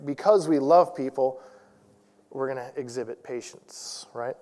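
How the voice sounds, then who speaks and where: A man's voice: mid-range voice, a little slow, warm tone. A man in his forties, a church elder, preaching a sermon in a conversational, self-deprecating storytelling way. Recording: long reverb of a large hall.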